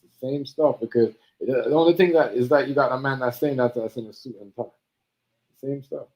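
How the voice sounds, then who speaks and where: Male stream host, casual slang, repeats his points, muffled low-fi audio. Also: fairly quick. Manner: emphatic, repetitive street slang. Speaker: livestream host. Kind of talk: casual commentary chat.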